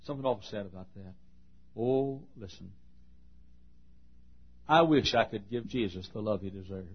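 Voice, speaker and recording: A middle-aged man preaching a sermon, his voice dropping to a hush and then rising to loud, shouted exhortation. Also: fairly low pitch, moderate pace, slightly rough, highs cut off.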